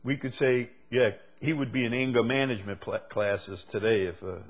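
A man's voice: medium pitch, steady tone, normal speed. A male preacher giving a sermon, asking the same question again and again and building to emphatic peaks.

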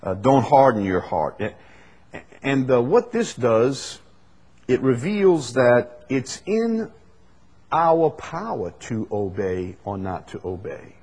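A man preaching a Bible study sermon. He builds to loud, emphatic repetition and then drops back to quiet explaining. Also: mid-range voice, sing-song, slow, husky.

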